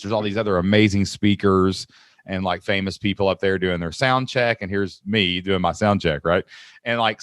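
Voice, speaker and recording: Male podcast host, eager storyteller, slightly low voice, dry studio sound. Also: no room sound. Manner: animated storyteller, excited and emphatic. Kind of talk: casual interview chat.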